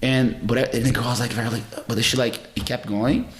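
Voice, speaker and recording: A man's voice: mid-range voice, fairly even intonation, fast talker, slight background noise. A man in his forties, a jiu-jitsu champion guest in a casual interview, telling stories earnestly with non-native English phrasing. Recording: roomy echo.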